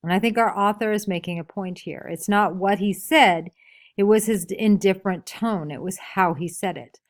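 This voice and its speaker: Woman teacher asking a class questions. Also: mid-range voice. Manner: asks many questions, pausing for answers; reads book passages aloud, then explains. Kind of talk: classroom read-aloud with discussion questions.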